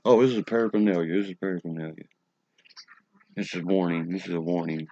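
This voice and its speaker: A man putting on a smug, crooked male cop's voice to mock him. He talks quick and sing-song over dull lo-fi stream audio. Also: deep voice, steady tone, a little mellow.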